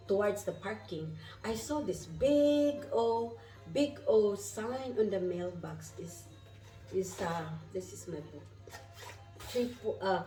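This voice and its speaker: A woman's voice: mid-range voice, dark tone, roomy sound, far from the mic, poor audio. A woman vlogging from inside a moving car, effusive and spiritual, often asking her viewers "isn't that wonderful". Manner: effusive, repeats questions to viewers. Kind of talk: spiritual travel vlog.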